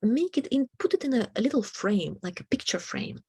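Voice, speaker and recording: A woman teaching a self-help lesson on handling emotions, her voice breathy and a little husky. She talks in a halting way, full of fillers, and often slips into a whisper mid-phrase. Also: a little high, very animated, mellow. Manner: halting, many fillers, drops into whispered asides. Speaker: emotional wellbeing coach.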